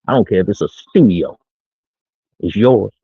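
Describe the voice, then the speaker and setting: Middle aged guy bragging in street slang, kinda low raspy voice, sounds thru a phone. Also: animated, moderate pace, no echo. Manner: brash, boastful, slangy street talk. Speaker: streamer giving dating talk. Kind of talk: casual monologue to camera. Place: his own small studio room. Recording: tinny phone-like line.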